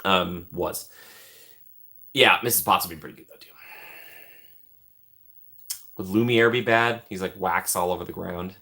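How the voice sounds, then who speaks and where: A man hosting a live stream, rambling casually and joking as he thinks out loud while reading the chat. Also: deep voice, a little slow, long pauses.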